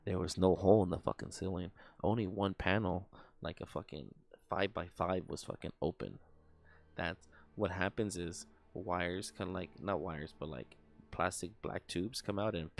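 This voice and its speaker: A man's voice: low voice, steady tone, measured pace, vocal fry. A young man streaming live, telling a story in a rambling, profane way, full of fillers and sound effects.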